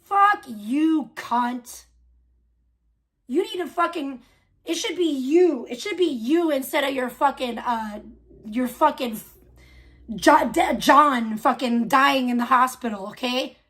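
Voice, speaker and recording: A woman hosting a livestream, ranting loudly and scornfully with heavy swearing. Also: sits high, takes it slowly. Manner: loud, profane, scornful ranting. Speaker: livestream host. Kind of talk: profane livestream rant.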